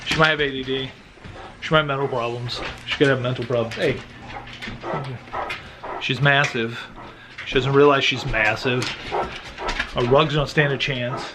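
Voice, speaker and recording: A man's voice: medium pitch, steady tone, normal speed, pauses often. A middle-aged man chatting casually to camera at home, rambling and joking, often restarting his sentences. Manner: rambling, joking, self-interrupting. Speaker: vlogger. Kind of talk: casual vlog chat. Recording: noisy home recording.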